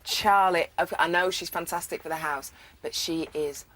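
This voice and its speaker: Gushing, low-voiced woman guest. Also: fairly even intonation, normal speed, fairly bright tone. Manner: gushing, enthusiastic. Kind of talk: casual chat.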